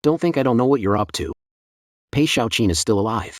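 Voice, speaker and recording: A man's voice: medium pitch, animated, brisk, no room sound, natural voice. A man voicing a scheming, greedy young brother-in-law, sneering and sarcastic, in a dry booth. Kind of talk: dubbed drama acting.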